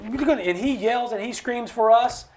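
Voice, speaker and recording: A man speaking as a studio guest, explaining with passion, in an animated way with jokey asides. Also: very high voice, normal speed, a little hiss or hum. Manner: animated, acts out quoted voices, jokey asides. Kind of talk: impassioned conversational explanation. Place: recording studio.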